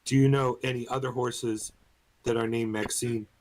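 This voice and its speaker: Casting: a male tabletop player, polite and halting, mid-pitched voice. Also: little pitch movement, darkish tone, poor audio. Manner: hesitant, polite, full of fillers. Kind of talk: tabletop role-play.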